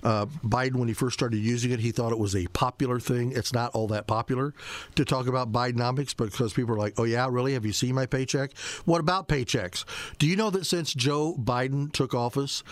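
A man's voice: medium pitch, moderate pace, no echo. A man hosting political talk radio, combative and sarcastic, firing off rhetorical questions.

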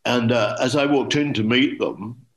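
An older man, an English actor, telling anecdotes in a relaxed interview and acting out quoted dialogue. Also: medium pitch, normal speed. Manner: lively storyteller, acts out quoted dialogue. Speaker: actor guest.

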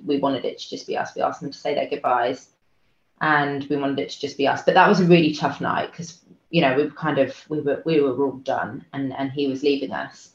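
A woman guest telling an emotional personal story, soft-spoken and halting, with many fillers and restarts. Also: extremely low pitch. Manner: soft-spoken, trying to hold it together. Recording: roomy, dull lo-fi sound.

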